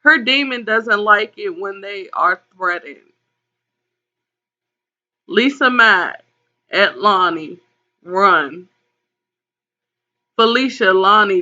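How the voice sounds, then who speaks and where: A woman's voice: mid-range voice, bright, forceful tone. A woman hosting a live tarot call-in stream. She reads viewer comments aloud and talks to her viewers in a concerned, casual way, calling them pet names. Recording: dull lo-fi stream audio.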